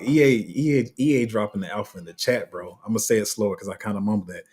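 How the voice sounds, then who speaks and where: Dark, husky-voiced man rambling on a stream. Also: on the low side, quick pace, hardly any pauses. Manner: rambling, restarts often, laughs at himself; reads viewer comments aloud. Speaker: crypto livestream host. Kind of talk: casual livestream chat reading comments.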